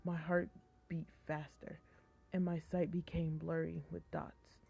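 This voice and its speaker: A young woman streamer reading a horror story aloud in a flat, even tone, stumbling over words and chatting between passages. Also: low voice, a little slow, creaky, husky. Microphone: phone mic. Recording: tinny phone-like live-stream audio.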